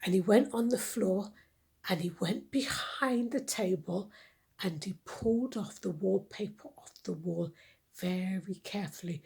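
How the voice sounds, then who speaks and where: A woman telling a children's story in a hushed, often whispering voice. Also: fairly low pitch, slightly rough. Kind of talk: reading a story to kids.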